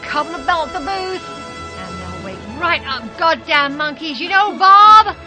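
A woman's voice: sits high, expressive, a little slow, sharp tone, faint music behind, full character voice. A British woman playing a brash, foul-mouthed male astronaut from Texas in an amateur radio play, swaggering and putting on a southern drawl. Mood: boozy bluster.

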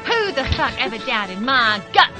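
A woman's voice: high-pitched, big pitch swings, normal speed, loud music behind the voice. A British woman playing a brash, foul-mouthed male astronaut from Texas in an amateur radio play, swaggering and putting on a southern drawl.

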